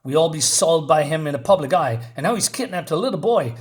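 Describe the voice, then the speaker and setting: A man's voice: fairly high pitch, expressive, quick pace, natural voice. A man voicing an angry, righteous male superhero, reading his comic-book lines aloud with emphasis. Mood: indignant.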